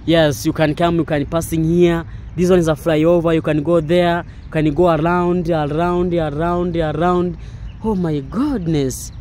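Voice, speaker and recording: A man, vlogging a walking tour outdoors in broken English, full of excited repeated exclamations. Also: a little high, slight background noise. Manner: non-native English, broken grammar. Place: outdoors in a park.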